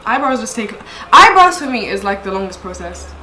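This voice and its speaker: A woman's voice: medium pitch, very animated, fairly quick, sharp tone. A young woman hosting a casual get-ready chat, talking easily while doing makeup. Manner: chatty, laughs easily. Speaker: beauty vlogger host. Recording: roomy echo, faint background noise.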